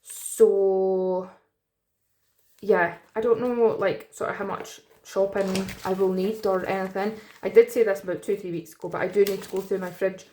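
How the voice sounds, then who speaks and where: A woman's voice: mid-range voice, steady tone, normal speed, warm tone, a little hiss or hum. A tired woman from the UK chatting casually to camera about her budget, rambling with lots of fillers. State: tired, yawning. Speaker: budgeting vlogger.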